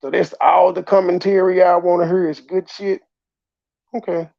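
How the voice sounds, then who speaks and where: A man's voice: high-pitched, flat delivery, moderate pace, gravelly, no echo, highs cut off. A man hosting profane reaction commentary, blunt and mocking, mimicking people he talks about. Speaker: commentary channel host.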